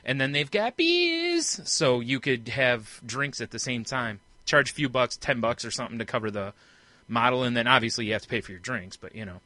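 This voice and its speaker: A man co-hosting a podcast in loose, casual chat, with a bright, forceful tone. He jokes, laughs often and trades crude banter. The sound is close and dry. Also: medium pitch, expressive, normal speed, no room sound. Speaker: podcast co-host.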